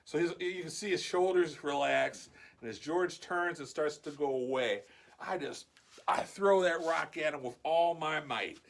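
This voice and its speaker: A man casually telling a story in his vlog, animated and swearing freely. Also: on the high side, a little slow, gravelly.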